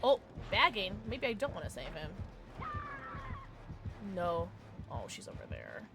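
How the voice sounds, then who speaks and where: Bubbly, lively woman streamer. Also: fairly low pitch, unhurried, creaky, music in the background. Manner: chatty, excitable, talks to chat and teammates; greets viewers as love. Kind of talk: live gameplay commentary.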